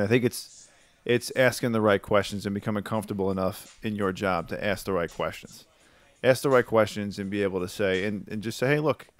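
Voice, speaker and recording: A man co-hosting a casual chat, easygoing and reflective about sales work. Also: lowish voice. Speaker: podcast co-host.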